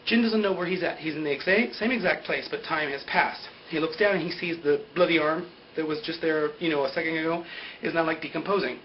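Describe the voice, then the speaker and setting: Rambly young guy recapping a show, kinda high voice, dull lo-fi mic with a faint hiss. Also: a little fast. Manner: rambling and animated, with lots of "like". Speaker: vlogger recapping a TV episode. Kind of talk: casual spoken recap. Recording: dull lo-fi home recording.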